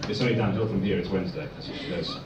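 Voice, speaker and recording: A man performing a stand-up comedy set in a club, telling deadpan one-liners. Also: deep voice, rapid-fire, distant mic, noisy background. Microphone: far phone recording. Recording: echoey dull phone recording from afar.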